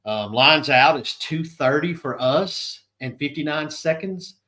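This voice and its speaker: A man's voice: fairly high pitch, animated, unhurried, sharp tone. A middle-aged man, a tournament director, giving a plain-spoken, conversational rules briefing to anglers.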